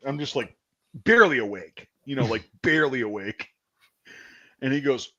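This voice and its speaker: This man's voice is medium in pitch and moves fairly quickly as he hosts a relaxed podcast chat. He spins army tales with lively energy and plenty of swearing, all captured in muffled lo-fi audio.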